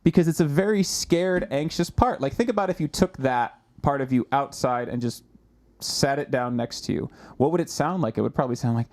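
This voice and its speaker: A man answering questions as an anxiety coach on a live Q&A, speaking gently and often repeating words as he thinks. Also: mid-range voice, animated, brisk, creaky. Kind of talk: live Q&A advice.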